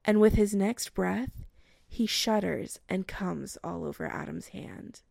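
A woman reads a romance story aloud at an unhurried, even pace. Her voice carries a heavy gravelly fry in a mid range. The sound is dry and close to the mic. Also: medium pitch, no room sound. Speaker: narrator. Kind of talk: audiobook reading of a romance story.

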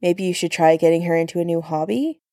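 A woman's voice: fairly low pitch, fast, mellow, no room sound, clean studio sound, lightly acted. A woman voicing a teasing easygoing young man. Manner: light, teasing, reassuring.

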